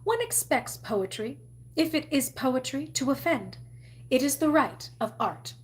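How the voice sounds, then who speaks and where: A grand, theatrical old headmistress, as a woman reader puts her on, declaiming each line with lofty self-importance. Her voice rides a little higher and louder than the narration, slow and stately. It sounds like a storybook read at home. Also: animated. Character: pompous theatrical older headmistress.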